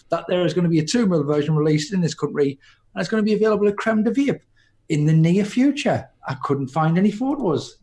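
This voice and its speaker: A man's voice: sits high, vocal fry. A man co-hosting a podcast, chatting casually and rambling with many restarts. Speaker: podcast co-host. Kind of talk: casual chat.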